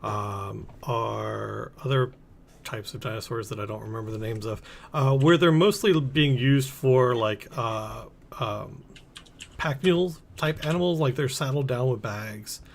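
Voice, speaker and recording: A man acting as game master, describing scenes haltingly with frequent pauses while he recalls details. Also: medium pitch, gravelly, slight background noise. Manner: hesitant, many ums and restarts while recalling details. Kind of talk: running a tabletop game.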